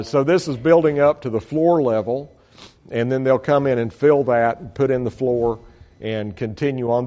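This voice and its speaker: A man's voice: medium pitch, mellow. Folksy, earnest male missionary. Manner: folksy and earnest, many fillers and restarts. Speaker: missionary reporting to supporters. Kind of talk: slide-show talk to a congregation.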